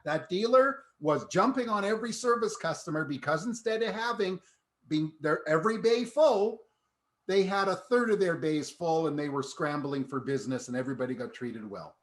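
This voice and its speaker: A man hosting a panel discussion over video call, speaking in a relaxed, conversational way. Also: on the high side, normal speed. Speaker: host.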